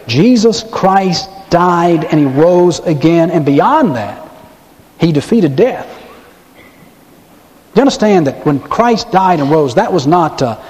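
Male pastor, sermon delivery, dramatic slow-downs, reverberant hall sound. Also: fairly high pitch, darkish tone. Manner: dramatic storytelling, pauses and slows for emphasis.

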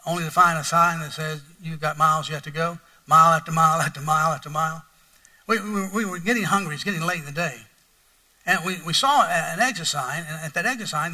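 Middle-aged male pastor, high voice, folksy sermon storyteller, heard a bit off-mic. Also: pushed and bright, far from the mic, rough recording. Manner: folksy, repetitive, rising to mock outrage.

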